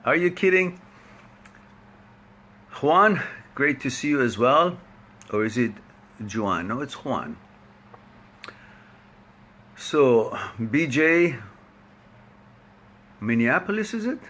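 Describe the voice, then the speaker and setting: A man's voice: on the high side, sing-song, slow, pauses often, fairly bright tone. A man hosting a live online talk, chatting and laughing as he greets viewers by name before starting his topic. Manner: chatty, laughs often, rambling.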